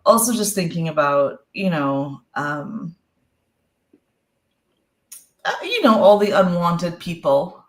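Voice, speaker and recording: A low-voiced woman speaks as an author guest on a video call. She talks thoughtfully, often pausing with fillers. Her voice sounds a little roomy. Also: big pitch swings. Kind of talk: casual interview talk.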